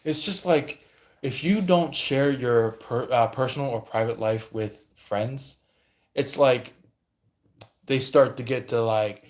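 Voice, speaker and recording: Slow, hesitant male tarot reader. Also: medium pitch. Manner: hesitant, many fillers and restarts. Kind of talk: casual reading reacting to viewer comments.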